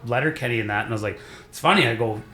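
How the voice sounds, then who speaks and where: A man's voice: medium pitch, bright, forceful tone, reverberant. A young adult man from Saskatchewan, Canada, a stand-up comedian telling rambling stories in casual podcast chat. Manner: rambling storytelling, does quick voices.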